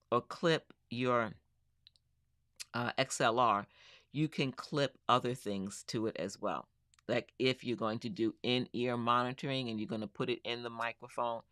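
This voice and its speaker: A tech reviewer showing gear on a live stream from a kitchen table at home. The reviewer talks with enthusiasm, repeats words for emphasis and speaks into a studio microphone on a boom arm. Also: bright, forceful tone, no echo. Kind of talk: live-streamed product demo.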